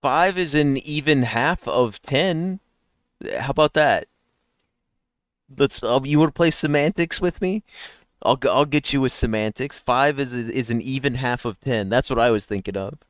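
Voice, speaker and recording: A man streams his daily guessing games, yawning as he chats and rambles nonstop to viewers through a headset mic. His voice is medium-pitched at a moderate pace, and the recording is dry and studio quality. It's casual live-stream chat.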